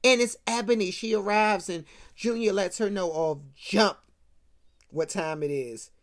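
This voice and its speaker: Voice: mid-range voice, unhurried. Casual recap host, slangy, conversational, checks in with the audience a lot. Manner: slangy, keeps checking in with "right?". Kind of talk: casual rant retelling a film.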